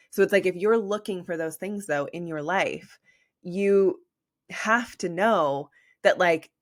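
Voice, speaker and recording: A woman with a low voice hosts a casual solo podcast as a business coach, recorded in a clean, echo-free studio. She rambles conversationally, leans heavily on "like," and offers motivating encouragement.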